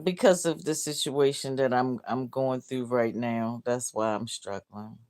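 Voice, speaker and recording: A woman's voice: extremely low pitch, fairly even intonation, measured pace, darkish tone. A middle-aged woman hosting a livestream, downcast and heartbroken, reading out comments bluntly with swearing and laughs. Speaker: livestream host.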